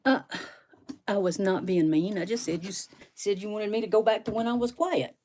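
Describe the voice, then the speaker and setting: In her bedroom, a woman with a medium-pitched, mellow voice chats at normal speed with viewers as she unboxes rocks live, speaking to her phone on a stand. She sniffles from sneezing, greets people by name, and there's slight background noise.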